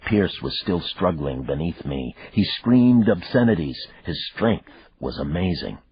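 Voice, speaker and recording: A man with a very low, slightly husky voice narrates a thriller audiobook at a slow, measured pace. The recording is dry and a bit dull, with no room sound. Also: very animated, no echo. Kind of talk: first-person audiobook narration.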